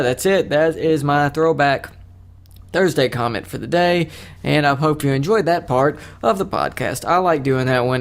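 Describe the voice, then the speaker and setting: A man's voice: on the high side, creaky. A young man hosting a solo podcast, rambling in a casual, self-mocking way with crude jokes. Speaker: podcast host.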